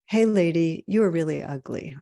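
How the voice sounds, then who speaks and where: A woman voicing a rude male parrot outside a pet store in a told joke, blunt and insulting, in a slightly gravelly voice. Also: low-pitched, moderate pace, dark tone, dry recording, studio quality. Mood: taunting.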